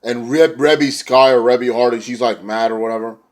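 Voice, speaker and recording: A man's voice: medium pitch, fairly even intonation, brisk. A young man casually recapping a wrestling show, rambling in slang and now and then mimicking the wrestlers. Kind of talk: casual recap, retelling a show with quoted voices.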